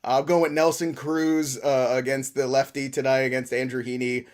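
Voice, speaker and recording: A man co-hosting a sports podcast in casual, joking banter, often clearing his throat. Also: medium pitch, level tone, moderate pace. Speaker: podcast co-host.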